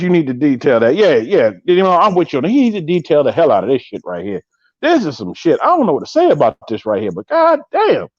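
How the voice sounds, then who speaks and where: Thirties guy hosting a live podcast, jokey and animated, kinda high voice, dull dry lo-fi sound. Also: no echo. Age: 30s. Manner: animated, joking, drawn-out exclamations. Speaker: podcast host.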